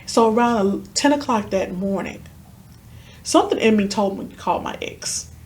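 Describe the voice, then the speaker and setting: A woman's voice: medium pitch, moderate pace. A woman guest telling a personal story in an interview, earnestly acting out the dialogue she recounts. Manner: vivid retelling that acts out quoted dialogue; earnest, emotionally charged. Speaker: podcast guest.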